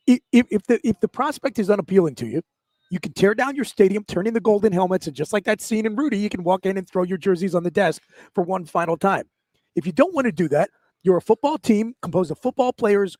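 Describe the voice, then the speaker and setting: A man with a high, dry studio voice rants on a sports talk radio show. He talks in an animated, sarcastic way, mocking what others say and pressing his point hard. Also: no echo.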